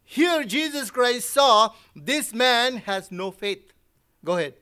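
Male preacher, very high voice, animated and emphatic sermon delivery. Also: slow pace, clean tone. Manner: animated, acts out quotes, emphatic.

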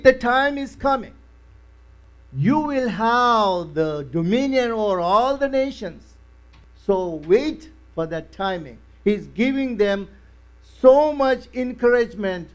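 Pastor, male, high voice, emphatic repetitive preaching. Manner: emphatic preaching with repeated phrases. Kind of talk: sermon.

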